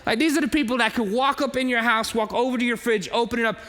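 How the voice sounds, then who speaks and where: A man preaching a sermon as a pastor, animated and conversational, acting out quoted voices and asking the congregation questions. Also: extremely high pitch, quick pace, slight background noise. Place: church hall. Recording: long reverb of a large hall.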